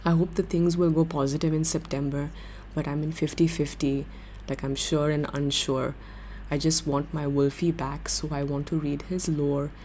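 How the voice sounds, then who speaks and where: A young woman hosting a livestream, chatting with viewers in an excitable, giggly way. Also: low-pitched, normal speed, slight background noise. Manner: excitable, giggly, gushing fan talk. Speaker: livestream host. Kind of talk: casual chat with viewers.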